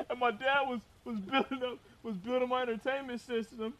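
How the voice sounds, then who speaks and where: Young man, high-pitched, casual storyteller who laughs through his own anecdote. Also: a little fast, hardly any pauses, no room sound, lo-fi sound. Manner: animated, laughs through the telling. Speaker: storyteller guest.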